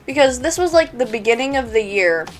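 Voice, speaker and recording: A woman's voice: fairly high pitch, expressive, a little fast. A woman telling a storytime vlog in a chatty, giggly way, laughing between phrases. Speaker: YouTuber.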